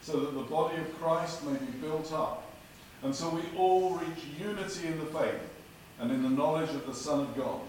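A man preaching a sermon with jokes, delivered in a lively, dramatic way in a church. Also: moderate pace, hardly any pauses. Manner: lively, dramatic delivery with big pitch swings. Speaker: guest preacher. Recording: echoey church from far off with noise.

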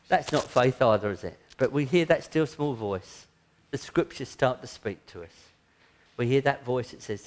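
Man preaching, earnest and conversational, mid-pitched voice, then leading prayer. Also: moderate pace. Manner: earnest, conversational, breaks into mocking asides. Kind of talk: sermon closing in prayer.

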